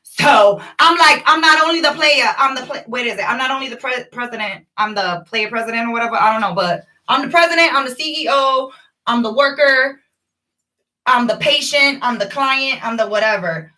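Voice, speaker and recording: A woman vlogging a rambling, preachy spiritual monologue to her viewers, animated and addressing them directly. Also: sits high, a little fast, recorded from a distance, poor audio.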